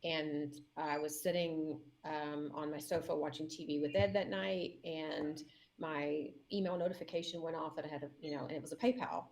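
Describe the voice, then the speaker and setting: A woman's voice: deep voice, steady tone, normal speed, a little mellow. A woman who is a mayor, telling heartfelt campaign stories and acting out quotes with emotion. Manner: emotional, acts out quotes in her story. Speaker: guest mayor.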